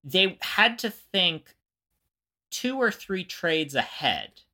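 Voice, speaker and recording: Podcast co-host, long-winded explainer, mid pitch, bright voice. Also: very animated, takes it slowly. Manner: explains at length, restarts and circles back. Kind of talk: casual explanatory chat.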